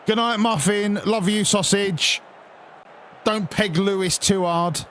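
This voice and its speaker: A sarcastic English man rants and swears as a stream host. He talks slowly in a fairly high voice, and a faint hiss runs under the recording. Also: fairly even intonation, a bit bright. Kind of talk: casual chat.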